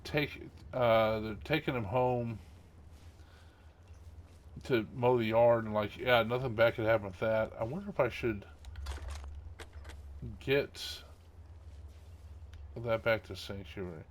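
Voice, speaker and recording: A man's voice: mid-range voice, slow pace, long pauses. Rambling middle-aged man gaming. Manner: rambling, chuckling, many fillers. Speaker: gaming channel host. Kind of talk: casual gameplay commentary.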